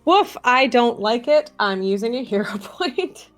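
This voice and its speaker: A woman's voice: a little high, expressive, unhurried, faint music behind. A woman playing a tabletop game, talking through her rolls in an upbeat, matter-of-fact way. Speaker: player. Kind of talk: casual tabletop game play.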